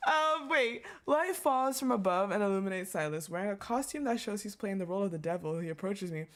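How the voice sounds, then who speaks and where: A woman's voice: medium pitch, animated, brisk, hardly any pauses. A woman streamer reading a game story aloud, breaking off to laugh, swear and react. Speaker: gaming streamer.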